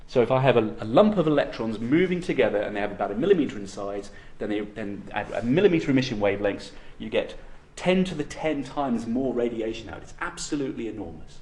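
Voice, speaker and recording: A man delivering a university physics lecture at a steady, mid-pitched level. He explains ideas step by step and keeps checking in with his students. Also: fast, few pauses. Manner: explanatory, frequent "okay?" checks.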